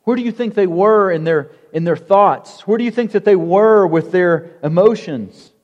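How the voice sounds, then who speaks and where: A pastor preaching a sermon in a conversational way, asking the congregation rhetorical questions. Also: male voice, high voice, moderate pace, dull audio. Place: church sanctuary. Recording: long church hall reverb.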